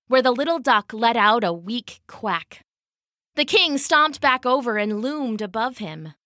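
A woman reading a children's story aloud, taking her time with each line. Her pitch swings lively and expressive, and her tone is bright and clear. The recording is dry and close. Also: unhurried, no echo.

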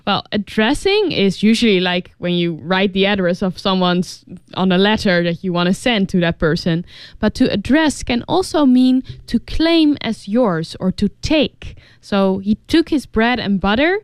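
Smooth-voiced young woman co-hosting a radio lesson. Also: medium pitch, animated, moderate pace, no echo, studio quality. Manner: chatty, fills speech with "like". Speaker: co-host reading a story and explaining English words. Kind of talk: casual radio teaching chat. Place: radio studio.

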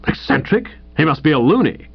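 A man's voice: a little high, very animated, fairly quick, exaggerated voice. A man doing a bellowing fat old producer. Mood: blustering. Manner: bellowing and gruff, then deflated. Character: huge, blustering older male theatre producer. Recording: dull lo-fi audio.

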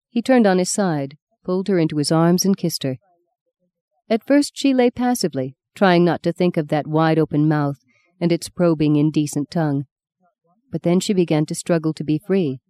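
Lady reading a novel aloud, steady and measured, warm dark tone, dry close mic. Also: low voice, no echo. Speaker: audiobook narrator. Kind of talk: scripted narration.

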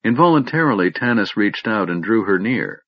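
A man narrating a fantasy audiobook in an expressive, dramatic storytelling manner. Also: on the low side, moderate pace, dry recording. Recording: dull lo-fi recording.

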